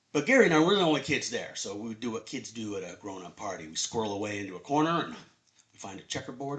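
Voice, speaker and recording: A man in his fifties telling a personal story at a live storytelling event, conversational and animated. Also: mid-range voice. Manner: animated, conversational, acts out voices.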